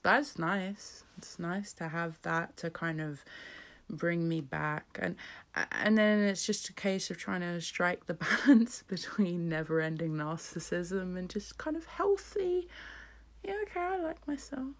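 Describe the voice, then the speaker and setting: Low gravelly woman chatting to cam about herself, rambly, jokey, keeps slipping into whispers. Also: animated, unhurried. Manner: rambling, self-mocking, drops to whispers. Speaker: musician and creator. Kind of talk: casual personal vlog talk.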